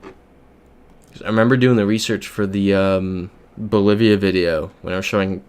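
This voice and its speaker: A man's voice: deep voice, fairly even intonation, normal speed, darkish tone, clean tone. A young American man streaming a geography game, chatting casually, muttering guesses and reading viewer comments aloud. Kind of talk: casual live-stream chat while playing a geography game.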